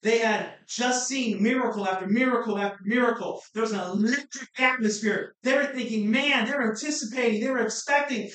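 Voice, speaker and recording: A woman pastor preaching with fervor, her fairly high voice rising to shouts and dropping to low asides. She is picked up from a distance in a very echoey sanctuary. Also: a little fast, few pauses. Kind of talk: sermon. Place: church sanctuary. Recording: very echoey hall, mic far off.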